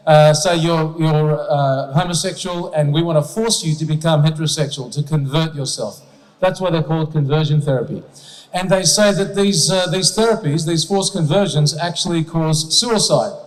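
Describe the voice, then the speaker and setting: A man's voice: a little high, normal speed. A man giving an emphatic, rhetorical public speech with slides to an audience at an event, often checking in with "okay?". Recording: long hall reverb.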